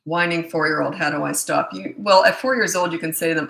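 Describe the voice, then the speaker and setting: Fielding parenting questions from viewers live, the same middle-aged woman coach speaks bluntly and casually, drifting off mid-thought as her voice grows worn and tired. Her voice sits low, gravelly and a bit bright, brisk with few pauses, on a rough recording with roomy sound.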